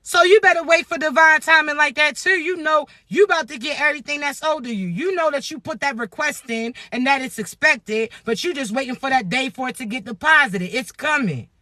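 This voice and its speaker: A woman with a Floridian accent giving an animated, profane spiritual pep talk to her viewers in a slangy, preachy way. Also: sits high, a little fast, few pauses, no room sound, studio quality. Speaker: spiritual motivational speaker.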